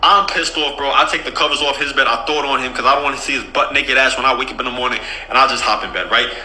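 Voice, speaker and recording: A man on a podcast telling a comic story in a casual, profane, animated way. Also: medium pitch, quick pace, reverberant, slight background noise, rough recording. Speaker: podcast host.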